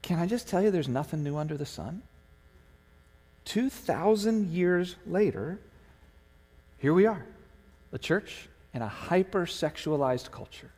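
In a large hall, a pastor with a slightly high voice speaks unhurriedly and pauses often. He brings a family story to life by performing the quoted voices, then shifts to scripture.

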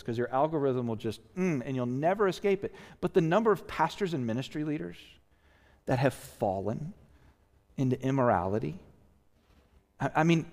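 A male pastor preaching a sermon, earnest and emphatic, tired and often asking "right?". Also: fairly high pitch. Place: church sanctuary. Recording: long reverb of a church hall.

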